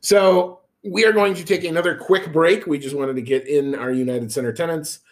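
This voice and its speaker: A man's voice: a little high, steady tone, normal speed. A man co-hosting a sports podcast, chatting in an easygoing, agreeable way. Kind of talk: casual sports chat.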